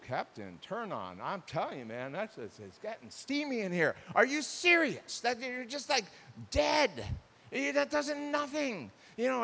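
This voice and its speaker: Animated man preaching in a reverberant hall. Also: extremely high pitch, a little slow, gravelly. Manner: animated, acts out quoted spouses. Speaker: pastor. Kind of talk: sermon on marriage communication.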